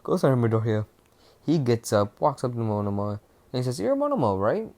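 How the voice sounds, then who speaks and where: A young man casually retelling a fan-fiction story, rambling and rushed, with restarts and swearing. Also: mid-range voice, a little mellow.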